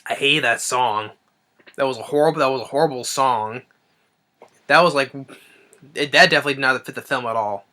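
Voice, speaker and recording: Man, casual movie review, halting, repeats himself, thinking aloud, crisp bright voice. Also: medium pitch. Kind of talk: casual spoken film review.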